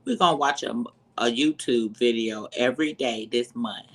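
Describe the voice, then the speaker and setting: A commentator ranting about a reality show, heated and sarcastic, dropping from low mutters to sudden high exclaims. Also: normal speed, a bit bright. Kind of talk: profane commentary rant.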